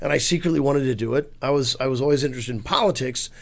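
A man's voice: mid-range voice, quick pace, gravelly. A man from Missouri, an improv comedian and guest, telling rambling, self-deprecating stories in a casual interview chat. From Missouri, USA.

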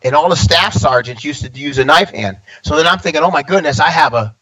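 A man's voice: a little high, fast, rough recording. A man in his fifties, a stand-up comedian, telling a personal story in casual conversation and acting out what other people said. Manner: animated storyteller acting out quoted dialogue.

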